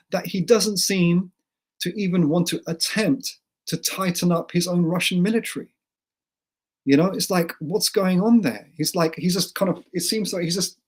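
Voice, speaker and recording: A man from India, a guest commentator on a political livestream, animated and incredulous, repeating words when he gets worked up. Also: high-pitched, husky.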